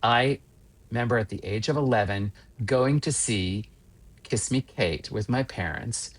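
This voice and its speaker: A man's voice: medium pitch, a little slow. Man in his fifties telling stage stories. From Western Pennsylvania. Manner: animated, winding anecdotes. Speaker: guest, stage actor. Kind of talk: casual interview storytelling.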